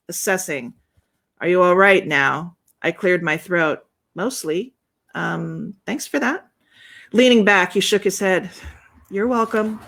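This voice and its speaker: A woman author reading a first-person scene from her novel over a video call, steady and with a dry humor. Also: lowish voice. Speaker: guest author.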